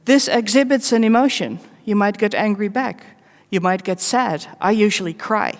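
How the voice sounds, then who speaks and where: A woman giving a live conference talk, candid and personal, with wry self-mocking asides and measured pauses between short phrases. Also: mid-range voice. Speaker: conference speaker. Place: large conference hall. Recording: long reverb of a big hall.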